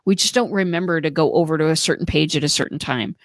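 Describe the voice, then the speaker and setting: A deep-voiced American woman talks quickly as a live-stream co-host in casual chat. She gives sincere, practical advice laced with lots of fillers, and the sound is dry.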